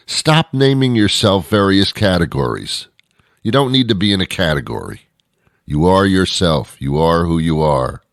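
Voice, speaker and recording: A man's voice: deep voice, big pitch swings, normal speed, no room sound, clean studio sound. A male radio show host delivering a comedic, rambling monologue with sarcastic, mock-boastful asides.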